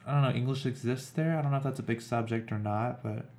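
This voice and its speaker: A man's voice: mid-range voice, fast, a little mellow, a little hiss or hum. A man co-hosting a casual comedic recap chat, rambling with hedges and sarcastic asides. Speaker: podcast co-host.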